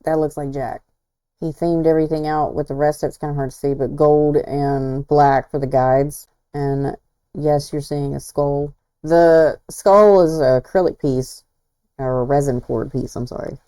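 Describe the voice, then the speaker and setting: A woman hosts a relaxed livestream in a low, mellow voice. She talks in a chatty, admiring way and pokes fun at herself now and then. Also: poor audio. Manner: chatty, self-deprecating, admiring. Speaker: host. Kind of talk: casual livestream commentary.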